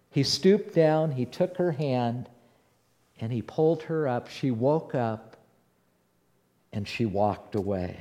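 A man playing the apostle Peter in a first-person dramatic monologue, telling his story in an animated way that swings between hushed and loud. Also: medium pitch. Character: the apostle Peter, bold outspoken fisherman. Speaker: preacher in character.

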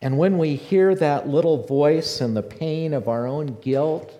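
A man's voice: a little high, a little slow, hardly any pauses, dark tone. Fervent male preacher in a reverberant hall. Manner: preaching with rising fervor, repeating phrases. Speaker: pastor. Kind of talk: sermon.

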